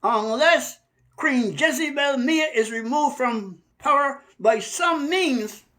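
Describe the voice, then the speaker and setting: A man from Barbados preaches with fire, his voice pitched high for a man. He hammers each point and slows right down to lean on the words that matter most. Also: pushed and bright. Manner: emphatic, stretches key words slowly. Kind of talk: fiery preaching monologue.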